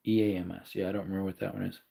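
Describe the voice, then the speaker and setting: A man's voice: sits low, little pitch movement, racing, creaky, mellow, breathy edge. A man vlogging from his home kitchen in a rambling casual chat, wandering between topics and talking to his dogs.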